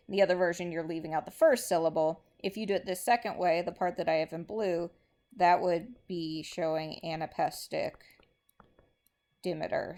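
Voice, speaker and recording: A woman teacher explaining poetic meter to her class with patient fillers, reading verse slowly with heavily stressed beats. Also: lowish voice, darkish tone. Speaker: English teacher.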